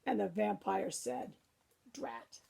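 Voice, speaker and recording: Lady librarian reading a kids picture book out loud, slow and gravelly, chatting to the kids between pages. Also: high voice, expressive. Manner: chatty asides to young listeners. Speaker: children's librarian. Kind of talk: picture book read-aloud.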